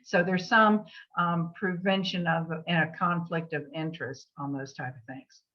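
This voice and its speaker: A woman giving a plainspoken legal update to real estate agents. She takes their questions, pausing with fillers and adding emphatic asides. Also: on the low side, fairly even intonation. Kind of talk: briefing with answers to questions. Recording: dull lo-fi meeting recording.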